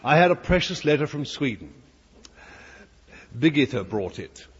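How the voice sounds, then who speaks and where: In a church hall, a very animated man with a slightly rough, high-leaning voice delivers a fervent sermon at a normal speed, turning to the congregation with emphatic asides. The recording is dull and lo-fi, drenched in long hall reverb.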